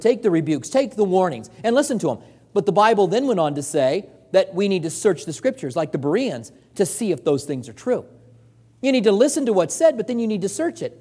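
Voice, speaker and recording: A man with a high voice delivers a sermon as pastor, earnest and conversational. He repeats his points for emphasis. The sound rings out with a long reverb, as in a church sanctuary. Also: dark tone.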